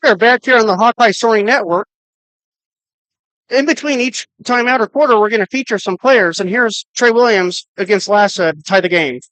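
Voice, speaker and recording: An adult announcer calling a high school basketball game on radio, with rapid, clipped calls of each pass and shot and the clock counted down aloud. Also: a bit bright, clear, resonant tone, no echo, low-quality recording. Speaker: play-by-play announcer.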